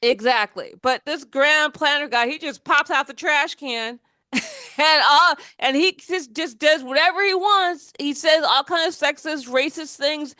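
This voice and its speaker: A woman hosting a casual political podcast, her voice sitting a little high. She talks with animated frustration and often restarts. The sound is dry and close. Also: unhurried, dry recording. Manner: animated, mocking quoted voices, frequent restarts. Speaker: podcast host.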